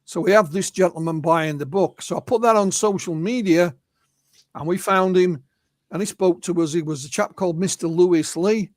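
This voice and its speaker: High-voiced Englishman telling witness stories. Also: normal speed, dry recording, clean studio sound. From England. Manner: recounts witness accounts, peppered with "you know". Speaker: guest, UFO researcher and author. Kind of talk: anecdotal storytelling in an interview.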